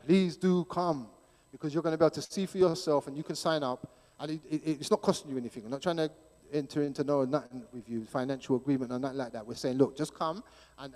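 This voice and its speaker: A high-voiced man speaks at a church gathering, urging and emphatic, often doubling back on his words for stress. His voice carries a long reverb tail through the church hall. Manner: animated, emphatic, repeats words when pressing a point. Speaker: church speaker promoting a schools ministry. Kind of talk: church appeal talk.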